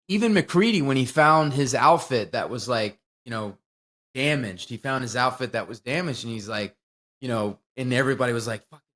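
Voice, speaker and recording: A man co-hosting a podcast, talking casually about a film and retelling its scenes in an animated, profane way. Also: mid-range voice. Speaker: podcast co-host.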